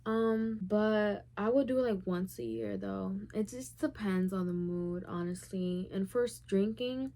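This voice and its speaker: A woman's voice: medium pitch, unhurried, creaky, few pauses, dark tone. A young woman of Puerto Rican heritage answering viewer questions in a casual, candid vlog, talking freely and filling her sentences with "like". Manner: candid and chatty, heavy use of "like". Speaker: YouTuber.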